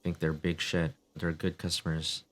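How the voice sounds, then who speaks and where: A man's voice: low-pitched, monotone, moderate pace, fairly bright tone. A man voicing a testy cafeteria manager. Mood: disdainful. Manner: testy, sarcastic, put-upon. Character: irritable middle-aged male cafeteria manager. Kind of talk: reading game dialogue aloud.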